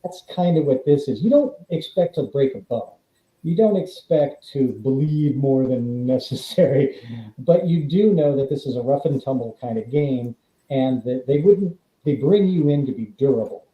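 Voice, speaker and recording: Recorded in an echoey room with dull audio, this man speaks at medium pitch and normal speed. A middle-aged ex-stuntman interviewed on a podcast, he spins lively stories and performs the dialogue he quotes.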